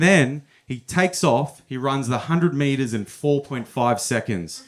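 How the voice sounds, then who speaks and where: A man's voice: mid-range voice, a little slow, hardly any pauses. A young man telling stories in a stand-up set at a comedy club, often chuckling at his own punchlines.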